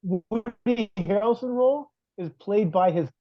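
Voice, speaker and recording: A man's voice: sits high, measured pace, dry recording, lo-fi sound. A man guest-hosting a casual gaming podcast, rambling and correcting himself as he gives opinions on games and headsets. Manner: rambling, self-correcting, laughs often. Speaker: guest host, VR reviewer.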